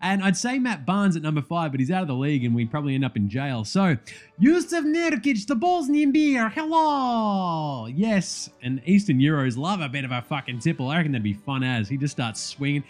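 A man's voice: medium pitch, lively intonation, fast, few pauses, faint music behind. A man with an Australian accent giving a casual, profane, jokey rant about sport. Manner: profane, blunt, jokey banter. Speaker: sports vlogger.

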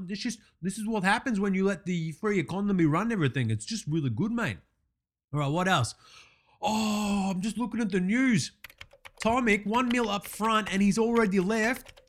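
A man doing an Australian accent and playing a brash, foul-mouthed sports bloke in a sarcastic comedy parody monologue. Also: sits high. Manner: swears constantly, sarcastic, says mate a lot.

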